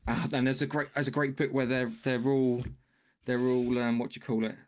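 A man co-hosting a casual podcast, talking excitedly with frequent restarts and swearing. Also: medium pitch, a little fast. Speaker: podcast co-host.

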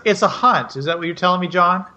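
A man's voice: high-pitched, fast talker, pushed and bright, lo-fi sound, slight background noise. A man hosting a podcast in casual chat, prompting the others to share in a friendly way. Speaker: podcast host.

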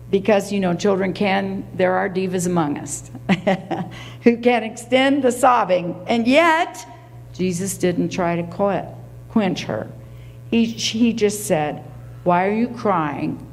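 A woman's voice: medium pitch, a little mellow. Woman preaching an earnest sermon. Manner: earnest storytelling, acting out quoted voices.

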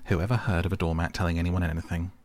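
A man's voice: sits low, normal speed, gravelly, a little mellow, no echo. A man voicing a small, stubborn male mole who complains pettishly, in a storybook reading.

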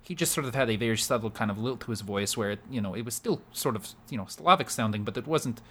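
A man in a casual podcast chat, animated and rambling, full of fillers. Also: medium pitch, quick pace. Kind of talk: casual chat about voicing game characters.

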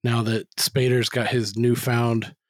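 A man's voice: mid-range voice, flat delivery, measured pace, dry recording, clean studio sound. A man talking loosely in a casual podcast chat, rambling with lots of "like" and swearing freely.

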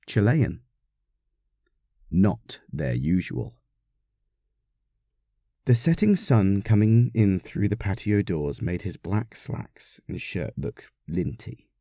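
A man reading a story aloud, narrating in an expressive, wry manner. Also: deep voice, no room sound, clean studio sound.

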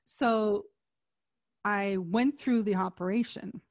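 A woman in casual conversation, telling a personal story in an animated way and acting out the voices of people she quotes. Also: medium pitch, slow, dry recording, studio quality.

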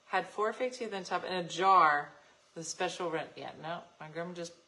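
A woman hosting a morning show, telling lively family stories with frequent laughter. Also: lowish voice, moderate pace, low-quality recording. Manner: animated and laughing, acts out voices in anecdotes. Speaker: radio show host. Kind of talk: casual chat, storytelling.

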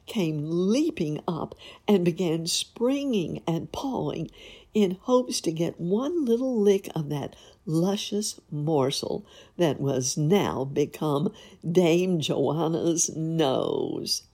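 A woman storyteller reads a folk tale slowly and gently. Her voice is low, mellow and slightly husky. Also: lively intonation. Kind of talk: storybook reading.

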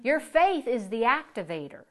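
A woman pastor delivering a sermon, telling a story in a voice that drops low and then rises with emphasis. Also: sing-song, normal speed. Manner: storytelling preacher, swings from hushed to emphatic.

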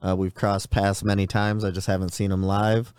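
A man hosting a casual radio show, talking in a halting way with many restarts. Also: deep voice, level tone, darkish tone, clean tone, no room sound, studio quality. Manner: halting, lots of uhs and restarts.

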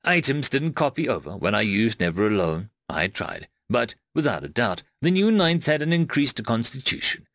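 A man narrating a first-person fiction audiobook in a measured, expressive storytelling manner. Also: mid-range voice, no room sound.

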